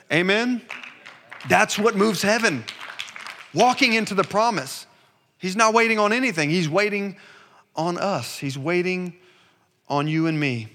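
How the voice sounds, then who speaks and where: A man preaching a sermon with emphatic, repeated refrains, shifting into relaxed conversational storytelling. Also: on the high side, big-room sound. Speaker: pastor.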